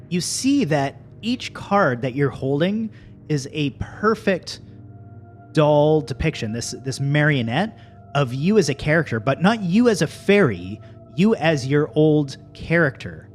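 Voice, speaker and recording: A man narrating a tabletop game as game master, in a slow, hushed storytelling manner. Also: a little high, very animated, faint music behind.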